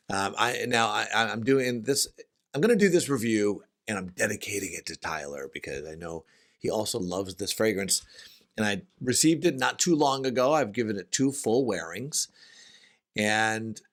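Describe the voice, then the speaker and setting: A middle-aged man speaks in a hoarse, somewhat low voice from his home studio. He chats casually about a fragrance, often restarting and repeating himself as he goes. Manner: chatty, with frequent restarts and repetitions. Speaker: fragrance reviewer. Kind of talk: casual review chat.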